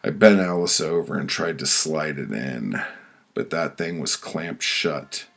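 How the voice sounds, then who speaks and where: A man reads his own story aloud, deadpan and blunt, breaking into loud shouts at times. His voice sits very low and gravelly, with a husky edge. The telling stays plain and unhurried. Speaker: author reading his own work. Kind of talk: spoken-word storytelling.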